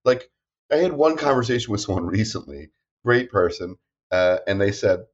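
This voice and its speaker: A man co-hosting a podcast in casual chat, animated and self-deprecating. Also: on the low side, moderate pace. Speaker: podcast co-host. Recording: dull lo-fi sound.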